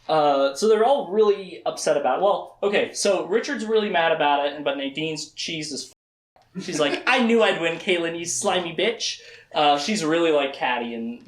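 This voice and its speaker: A man giving a casual, comedic lecture summarizing books to a small audience, acting out the characters' lines with quick voice shifts. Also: a little high. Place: room with a small live audience. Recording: echoey room.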